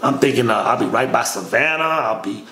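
Laid back guy spinning a story, keeps saying man, bit of fry, roomy sound. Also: medium pitch, a little fast. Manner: relaxed, says "man" constantly, slangy. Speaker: storyteller recounting army training. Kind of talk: casual storytelling. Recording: echoey room with faint noise.

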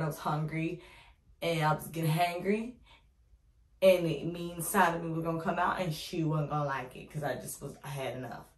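Low-voiced sassy young woman, roomy. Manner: animated, sassy storytelling with slang, addressing viewers as y'all. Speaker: vlogger telling a story. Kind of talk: casual story time. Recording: roomy echo.

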